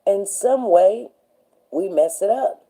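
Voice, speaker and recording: Speaking slowly and animatedly at medium pitch, a middle-aged woman hosts a casual livestream chat against background noise. She rambles from story to story, regularly checking in with "you know what I'm saying."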